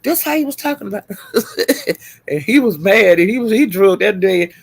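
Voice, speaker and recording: A man's voice: high voice, expressive, moderate pace, creaky. A man livestreaming, telling gossip in a casual chatty way, laughing often and calling out "child" and "honey".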